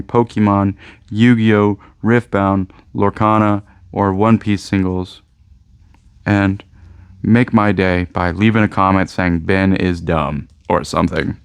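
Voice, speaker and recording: A man's voice: fairly low pitch, clear, resonant tone, dry recording. A man with a Midwestern American accent, a card shop owner rambling casually to camera, joking and repeating himself. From Indiana, USA.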